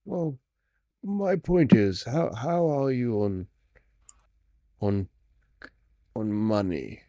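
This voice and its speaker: A man running a tabletop role-playing game as game master, narrating in a halting way with many restarts and laughs. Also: mid-range voice, expressive, mellow, dry recording, studio quality.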